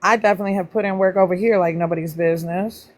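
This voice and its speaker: A chatty woman hosts a casual livestream and talks straight to her viewers. She greets people by name in a voice that leaps up high, then drops back down to relaxed, playful teasing. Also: very fast. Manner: pitch jumps up high when greeting people. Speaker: livestream host.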